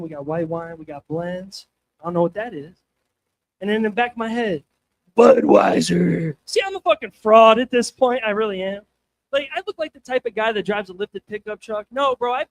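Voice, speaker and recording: High-voiced crude stand-up man. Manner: crude, self-mocking, conversational with the crowd. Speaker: stand-up comedian. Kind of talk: stand-up comedy set. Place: comedy showcase stage.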